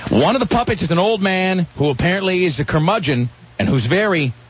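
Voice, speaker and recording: High, lively radio host man. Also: a little fast, slight background noise. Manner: rambling, self-interrupting storytelling. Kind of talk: casual on-air banter. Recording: lo-fi radio broadcast sound.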